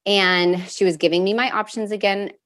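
A woman's voice: mid-range voice, fairly even intonation, normal speed, a bit bright. A young woman telling a painful personal story as a guest, candid and earnest, with many fillers and restarts. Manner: emotional at moments, with nervous laughs.

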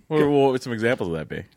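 A man's voice: mid-range voice, darkish tone, dry recording. A man making wry quips in a casual podcast chat, over a noisy recording.

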